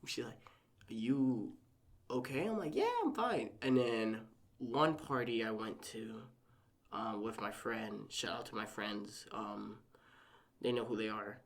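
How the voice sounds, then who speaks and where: A young man, a podcast guest, telling a personal story in casual chat, animated and acting out quotes with lots of "like". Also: fairly low pitch, slow pace.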